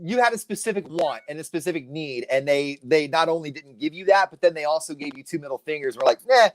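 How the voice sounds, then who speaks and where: Woman, playful co-host, lively pitch, casual chat. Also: fast talker. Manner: expressive, playful, chatty. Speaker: live stream co-host.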